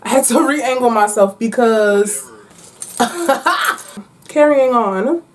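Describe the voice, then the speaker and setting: A woman's voice: fairly high pitch, extremely slow, a little hiss or hum. A woman book vlogger chatting casually and playfully with her viewers about her reading picks. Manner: chatty, animated, playful slang. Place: at home.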